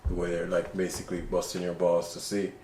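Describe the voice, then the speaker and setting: A man telling stories in a relaxed, calm way during a casual podcast chat. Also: sits low, fairly quick, reverberant, slight background noise. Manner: calm, laid-back storytelling.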